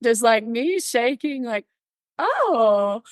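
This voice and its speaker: A woman guest on a podcast, bubbly and animated, telling stories and acting out little voices in casual interview chat. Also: medium pitch, moderate pace, no echo, studio quality. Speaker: podcast guest, workplace wellbeing speaker.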